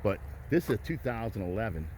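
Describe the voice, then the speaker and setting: A folksy man pitches used cars outdoors, calling out prices and ending pitches with "you're riding out." His mid-pitched voice carries faint outdoor noise from the lot around him. He talks to viewers like neighbors and hypes every deal. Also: very animated, quick pace, darkish tone. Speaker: used car dealer. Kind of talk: walk-around car sales pitch.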